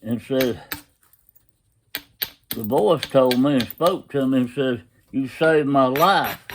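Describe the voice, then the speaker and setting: A man's voice: medium pitch, background noise. A man telling a story in a folksy, casual way, constantly retelling what others said. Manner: folksy drawl, retelling quotes with "he said".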